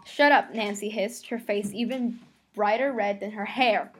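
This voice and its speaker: A woman's voice: medium pitch, steady tone, measured pace, a little hiss or hum. A woman reading a novel aloud, telling the first-person story in a conversational way. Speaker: reader.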